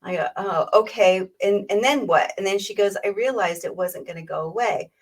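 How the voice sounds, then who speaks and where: A woman's voice: medium pitch, moderate pace, distant mic. A woman diabetes educator on a webinar, speaking conversationally and acting out little exchanges with patients. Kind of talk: webinar talk. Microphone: video call.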